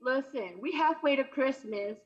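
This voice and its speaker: A woman's voice: high-pitched, unhurried, dull audio. A woman doing a brash, chatty stand-up comedy set over a video call. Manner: brash, chatty, punchy delivery.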